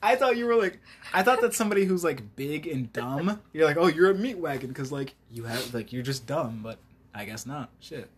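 A man co-hosting a podcast in casual chat, slangy and quick to laugh, often losing his train of thought. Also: fairly high pitch, lively intonation, slightly rough. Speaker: podcast co-host.

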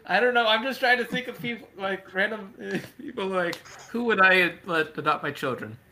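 A male podcast co-host in relaxed conversation, his voice bright and a touch high. He stays easygoing and agreeable, filling the gaps with short affirmations. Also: fairly quick, slight background noise. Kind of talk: casual chat.

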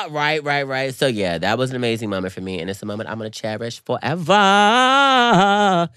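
A man co-hosting a podcast, telling a story in casual chat, very animated and swooping high when excited, calling everyone "girl". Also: quick pace, smooth, no room sound, studio quality. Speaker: podcast co-host.

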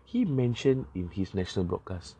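A man's voice: low-pitched, sing-song, moderate pace, dark tone, slight background noise. A young man with a Singaporean accent giving casual, rambling political commentary, full of fillers and the odd swear word.

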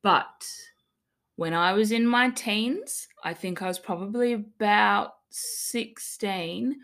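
A woman's voice: medium pitch, takes it slowly, a bit bright. A young Australian woman co-hosting a casual podcast, cheeky and swearing freely, with a slight lisp from fresh dental fillings. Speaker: podcast co-host.

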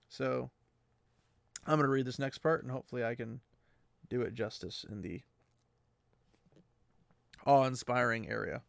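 A man hosting a podcast, chatting excitedly about a fantasy novel, laughing often and mimicking characters. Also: mid-range voice, moderate pace, gravelly, long pauses, no room sound.

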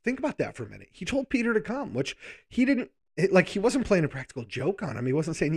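A man's voice: high-pitched, very animated, fast talker, darkish tone. A man preaching a sermon in a conversational way, reading scripture aloud and explaining it in plain words.

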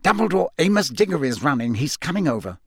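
An agitated middle-aged official from a storybook, loud and pushy, his voice pitched well above the narrator's own. He fusses and insists on taking charge, as a male reader puts him on. The recording is dry, close and without room sound. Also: sing-song, fast, breathy edge, dry recording, heavily acted. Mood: flustered. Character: flustered middle-aged male government minister.

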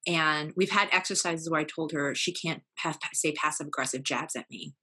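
A woman speaks candidly as a podcast guest. Her voice sits a little low but sounds bright and forceful, and she talks earnestly, full of fillers and restarts. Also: moderate pace, husky. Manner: earnest, many fillers and self-corrections. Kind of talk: candid personal storytelling.

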